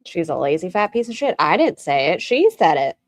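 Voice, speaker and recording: A woman's voice: fairly low pitch, big pitch swings, a little fast, no room sound. Woman streamer doing reaction commentary, dry mocking tone, close dry mic.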